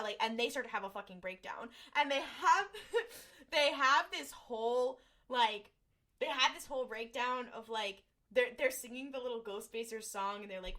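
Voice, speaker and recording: A young woman talks through a TV episode on a podcast, her voice high and bright. She rambles with fillers and keeps breaking into acted-out quotes of the characters. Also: moderate pace. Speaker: podcast co-host. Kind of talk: casual chat recapping an episode.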